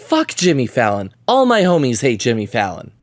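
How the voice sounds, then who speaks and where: A man's voice: medium pitch, huge pitch swings, normal speed, over a noisy crowd, very noisy. A man narrating a commentary video, sarcastic and prone to swearing rants. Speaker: video essayist.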